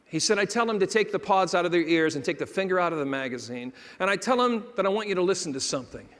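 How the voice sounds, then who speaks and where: A high-voiced man tells a motivational story on stage, swinging between hushed moments and loud bursts as he acts out each person in it. His voice rings through a big hall with a long trailing echo. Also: expressive, fast talker. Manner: dramatic shifts between hushed and loud, acting out dialogue. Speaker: motivational speaker.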